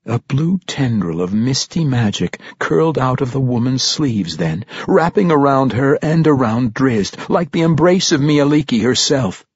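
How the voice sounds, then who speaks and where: Man, husky voice, audiobook narration, measured and dramatic, dry dull recording. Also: medium pitch, animated, no room sound. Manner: measured, dramatic storytelling that lifts for tense moments. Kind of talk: scripted fantasy audiobook narration.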